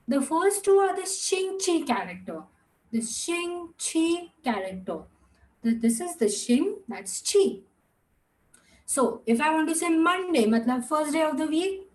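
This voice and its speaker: A young woman teaching an online class, repeating words slowly and patiently and slipping into another language now and then. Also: sits high, darkish tone, low-quality recording.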